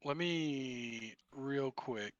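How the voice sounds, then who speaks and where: A man narrating as game master for a tabletop game, describing scenes haltingly with many fillers. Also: medium pitch, no room sound, muffled recording.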